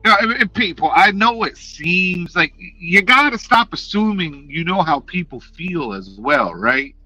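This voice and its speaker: A man chatting casually on a live stream, talking in an animated, passionate way and swearing freely, speaking into a headset. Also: high voice, normal speed, dry recording, soft background music, rough recording. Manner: animated, passionate, profane talk.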